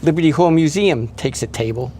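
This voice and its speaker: A man talking in a relaxed local interview, listing event details with many fillers and restarts. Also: fairly high pitch, fairly quick, slight background noise. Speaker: event organizer guest. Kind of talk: casual interview chat.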